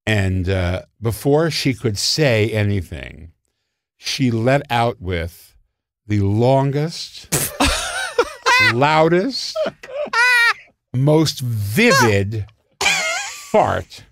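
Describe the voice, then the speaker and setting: Man telling stories with wildly swinging pitch. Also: extremely slow, pauses often. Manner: animated, theatrical storyteller who acts out quotes. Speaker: guest storyteller. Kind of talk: casual anecdote telling.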